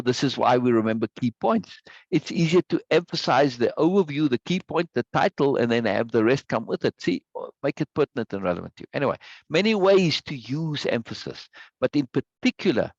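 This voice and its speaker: Over a video call microphone, a male instructor leads a live online course, chatting conversationally, stressing points by repeating words and frequently adding "right?". His voice is mid-range, with no echo and clipped high frequencies.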